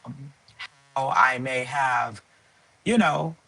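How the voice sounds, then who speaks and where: A man's voice: medium pitch, slow, gravelly, sharp tone, breathy edge, dry recording. A man hosting a live stream, ranting in a heated, profane and sarcastic way. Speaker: livestream host.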